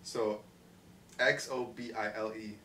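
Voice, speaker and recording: A man's voice: lowish voice, flat delivery, takes it slowly, bright, forceful tone. A man hosting a reaction video, chatting casually in a laid-back, slangy, joking way. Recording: echoey room, mic at a distance, noise.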